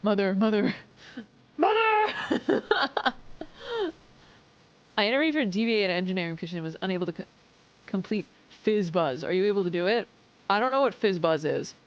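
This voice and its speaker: A woman's voice: on the low side, lively intonation, rapid-fire, highs cut off. A woman streaming live, chatting casually with viewers, reading chat aloud and swearing as she acts out customers.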